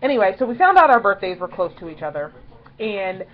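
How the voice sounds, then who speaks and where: A young woman vlogger telling a story in a casual, chatty way, excitedly acting out quotes in higher voices. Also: fairly quick, muffled recording.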